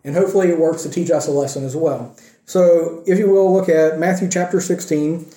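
A man preaches briskly in a fairly high, warm voice with fairly even intonation, reading scripture in a conversational sermon. He checks in with the congregation in the church sanctuary, captured with echoey room sound.

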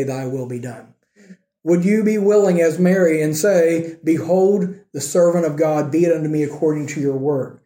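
A man delivers a sermon in an earnest, probing way, often stopping to question his listeners. His voice sits a little high but sounds very dark and mellow. The sound carries the echo of a room. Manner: earnest, questions the congregation, slows for emphasis. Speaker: preacher.

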